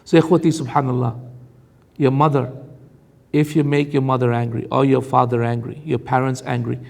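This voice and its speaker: A man's voice: mid-range voice, normal speed, gravelly, darkish tone, long reverb tail. A man preaching a sermon on Quran commentary, warning his audience emphatically and reciting Arabic verses between explanations.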